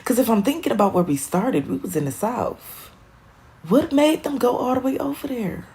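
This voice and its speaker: A young woman from Michigan chatting on a live stream, rambling, animated and profane, laughing at her own jokes. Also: on the high side, moderate pace. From Michigan, USA. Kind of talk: casual live-stream chat.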